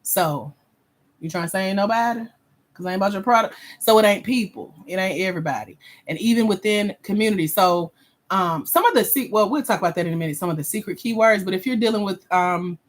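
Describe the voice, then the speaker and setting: A woman's voice: medium pitch, brisk. A woman hosting a livestream as a grant coach, reading viewer comments aloud and giving blunt, sassy feedback in casual slang.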